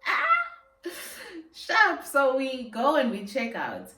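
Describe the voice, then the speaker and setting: A young Namibian woman tells a storytime vlog with animated, slangy energy and bursts of laughter. Her voice rings in a roomy indoor space and sits a little away from the mic. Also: high voice, slow pace, far from the mic, soft background music. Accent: Namibian English. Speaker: YouTuber. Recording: roomy sound, a bit off-mic.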